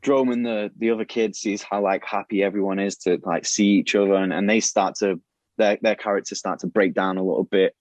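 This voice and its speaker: Low-voiced man rambling through a plot pitch. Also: fairly even intonation, brisk, no room sound. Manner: rambling, many restarts and fillers, acts out quoted lines. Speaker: podcast host pitching a show plot. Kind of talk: casual podcast storytelling. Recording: dull, lo-fi and dry.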